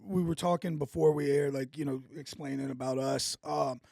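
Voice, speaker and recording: A man's voice: fairly high pitch, steady tone, normal speed, creaky, a little mellow, no room sound, studio quality. A young man co-hosting a podcast, asking earnest questions with lots of fillers. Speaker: podcast co-host. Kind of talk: casual interview chat.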